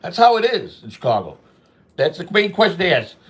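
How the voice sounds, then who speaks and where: A man's voice: sits high, very animated, brisk. A middle-aged man hosting a walk-and-talk show, telling street stories bluntly and with lots of swearing, acting out both sides of old arguments. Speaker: show host.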